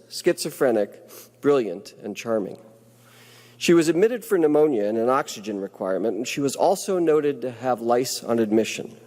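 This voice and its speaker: A man's voice: mid-range voice, warm tone. Earnest man speaking in a reverberant hall. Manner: earnest, reflective storytelling. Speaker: ceremony speaker. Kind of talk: prepared ceremonial speech.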